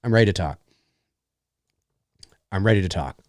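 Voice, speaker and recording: Animated rambling man hosting a Q&A. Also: deep voice, moderate pace, no echo, clean studio sound. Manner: rambling and animated, full of fillers and restarts, swearing. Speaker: channel host. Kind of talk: casual live Q&A chat.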